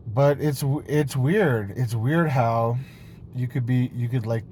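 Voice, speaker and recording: A man talks in a loose, meandering vlog, hopping from one idea to the next with a silly, playful streak and plenty of casual swearing. His voice sits at an ordinary middle pitch, with a faint hiss of noise underneath. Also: normal speed, mellow. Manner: meandering, jumps between topics, swears freely. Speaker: vlogger. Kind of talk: rambling casual monologue.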